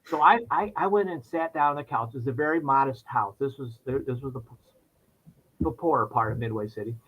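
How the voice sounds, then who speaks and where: A man telling a personal story on a podcast in casual chat, his voice jumping high when he acts out his younger self. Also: fairly quick, husky, lo-fi sound. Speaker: podcast guest.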